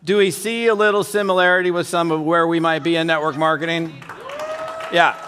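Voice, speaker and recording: A middle-aged man giving a motivational keynote, telling folksy stories in an animated way and acting out the people he quotes. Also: a little high, brisk, clean tone, some chatter behind. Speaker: keynote speaker. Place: conference stage.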